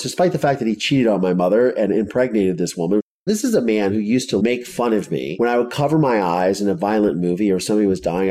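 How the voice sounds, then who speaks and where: A man's voice: on the low side, dark tone. Blunt, intense man telling his story. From Ohio. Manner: intense, blunt, swears freely. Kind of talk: first-person storytelling.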